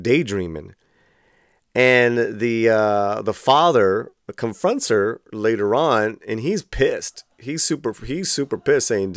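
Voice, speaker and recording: A man giving a casual spoken review, talking with many fillers and restarts and growing animated when worked up. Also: medium pitch, no room sound, studio quality.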